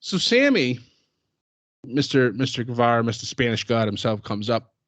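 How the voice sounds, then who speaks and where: Animated man in casual podcast talk. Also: medium pitch, moderate pace, no room sound. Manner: enthusiastic, laughs often. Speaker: podcast co-host. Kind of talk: casual wrestling chat.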